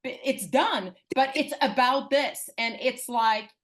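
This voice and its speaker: A woman's voice: high voice, slow pace. A woman from Sweden who hosts a podcast, talking in a casual interview in an emotional, effusive way. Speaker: podcast host.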